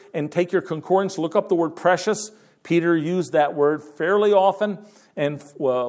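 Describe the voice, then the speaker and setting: A man preaching a conversational sermon to his congregation in church, with frequent restarts and fillers. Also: fairly high pitch. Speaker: pastor.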